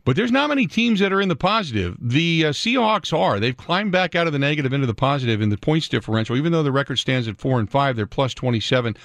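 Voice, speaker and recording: A man's voice: mid-range voice, sing-song, fast talker, hardly any pauses, fairly bright tone, no room sound. Dry-sounding sports radio host, man. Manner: conversational, asks long set-up questions with stats.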